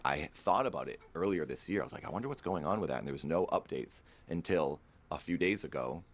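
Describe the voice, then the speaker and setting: A man's voice: very deep voice, expressive, fast talker. A man telling a personal story in a vlog, in a somber, earnest way.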